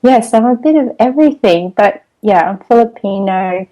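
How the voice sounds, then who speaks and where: A woman's voice: medium pitch, lively intonation, normal speed, dark tone, low-quality recording. A woman with an Australian accent, a mother and podcast guest, talking in a chatty way with frequent laughs and restarts. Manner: chatty, laughs often, many ums and restarts. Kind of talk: interview over the internet.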